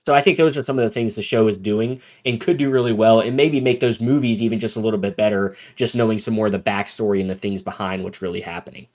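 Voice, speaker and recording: A man co-hosting a podcast, chatting casually and rambling with lots of fillers. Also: lowish voice. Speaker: podcast co-host. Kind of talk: casual chat.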